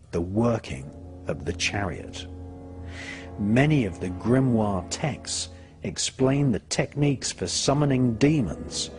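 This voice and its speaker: A man giving scripted documentary narration in a measured, deliberate way, his phrases falling at their ends. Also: medium pitch. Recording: voice-over with clear background music.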